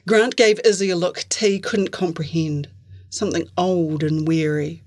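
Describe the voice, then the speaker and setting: A woman's voice: on the low side, steady tone, unhurried, a little mellow. Woman reading fiction aloud. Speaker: author reading their work.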